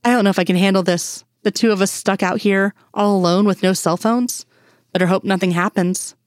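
A woman's voice: mid-range voice, steady tone, dry recording, clean studio sound, lightly acted. A woman voicing a sardonic adult male FBI agent who teases and snaps back, in a fan fiction reading. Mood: teasing. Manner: teasing, quick to snap back.

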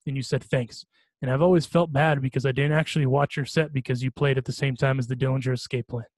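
A podcast host in relaxed chat rambles at an ordinary middle pitch, talking fast and restarting sentences with plenty of fillers. He laughs often at his own stories, and the sound is dry and close with no echo.

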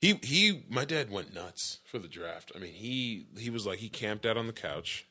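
A man's voice: lowish voice, very animated, moderate pace, sharp tone, husky. A young man, a former football player chatting as a podcast guest, laid-back and laughing, restarting his sentences. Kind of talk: casual chat.

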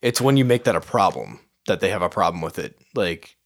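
A young man talks casually in a somewhat low voice. He stops and restarts often and works his way to each point. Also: sing-song. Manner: halting, many restarts, swearing. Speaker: podcast co-host. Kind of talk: casual chat.

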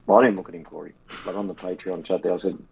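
An Australian man co-hosting a casual footy podcast, telling sweary, animated stories and mimicking his mates. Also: deep voice, very fast, gravelly, breathy edge, rough recording. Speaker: podcast co-host.

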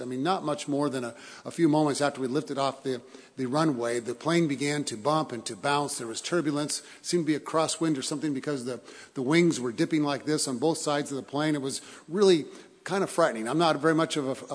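A middle-aged male pastor delivers a sermon in a conversational storytelling manner, often repeating words and moving between loud, emphatic lines and softer ones. His voice sits somewhat high for a man and has a breathy, husky edge. The sound carries a long reverb, as in a large church hall.

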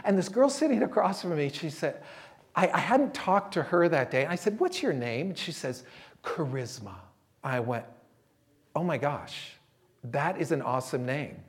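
A man's voice: fairly high pitch, expressive, moderate pace. A man preaching a sermon as a pastor, conversational and storytelling, voicing quotes from people he talks about.

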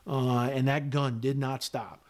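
Middle-aged guy, ex army, telling a combat story straight, swears a lot, lots of uh's, mid pitch. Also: flat delivery, measured pace. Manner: vivid, blunt storytelling with swearing and frequent "uh" fillers. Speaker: podcast guest, retired Army sergeant major. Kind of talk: recounting a combat story in conversation.

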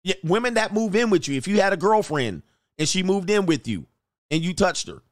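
A man's voice: high-pitched, a little fast, dry recording, studio quality. A middle-aged man hosting a casual livestream, reading chat comments and acting out quoted lines, laughing often. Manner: laughs often, loose and animated, acts out quoted voices.

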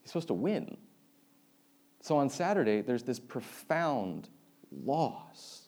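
A man's voice: mid-range voice, very animated, takes it slowly, a little mellow. A man giving a sermon in a conversational, storytelling way, with wry asides and humor. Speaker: preacher.

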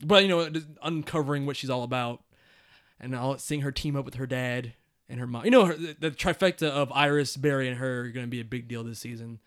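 A young man co-hosting a casual chat, animated and blunt, swearing often and laughing a lot. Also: mid-range voice, fairly quick, smooth. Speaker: podcast co-host.

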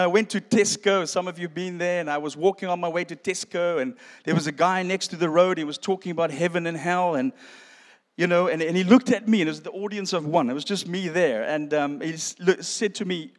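A man giving a sermon testimony, telling his story with self-deprecating humor and calling his listeners friends. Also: high voice. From South Africa. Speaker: preacher. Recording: long hall reverb.

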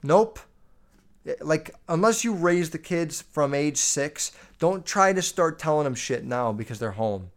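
A man's voice: on the high side, animated, measured pace. A man in his twenties hosting a solo podcast, ranting bluntly with heavy swearing and lots of fillers. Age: 20s. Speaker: podcast host. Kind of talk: casual solo podcast rant.

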